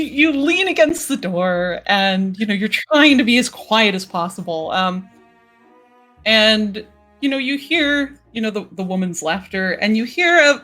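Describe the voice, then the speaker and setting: Slow-talking woman game master. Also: mid-range voice, expressive, a bit bright, faint music behind. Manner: unhurried, full of fillers, laughs often. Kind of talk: narrating a tabletop game.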